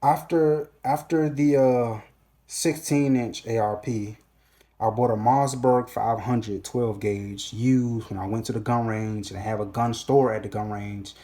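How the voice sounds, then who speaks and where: A man's voice: mid-range voice, fairly even intonation, a little slow, dark tone. A man hosting his own gun channel, telling a rambling storytime recap in a casual, profane way, full of fillers and restarts.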